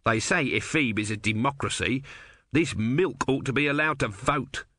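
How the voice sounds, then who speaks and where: A man voicing a grumpy, demanding male tortoise god in a storybook reading, with a gruff and bossy manner. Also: mid-range voice, normal speed, bright, forceful tone, dry recording, studio quality. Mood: bossy grumbling.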